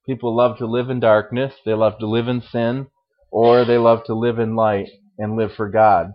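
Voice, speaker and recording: Low-voiced male pastor preaching. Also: flat delivery, normal speed, highs cut off, slight background noise. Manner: earnest, asks the audience questions. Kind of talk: sermon.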